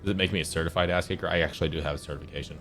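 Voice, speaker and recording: A man's voice: rumbling low, fairly even intonation, racing, fairly bright tone, slight background noise. A man giving casual gameplay commentary as a streamer, rambling and correcting himself as he tells stories, laid-back with some swearing. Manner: rambling, self-correcting storyteller. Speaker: gaming streamer.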